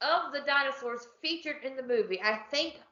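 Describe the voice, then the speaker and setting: A woman's voice: high voice, moderate pace, pushed and bright. Jokey woman co-host, loose chat, echoey and muffled recording. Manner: chatty, joking, trails off mid-sentence. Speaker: podcast co-host. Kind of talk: casual chat over wine.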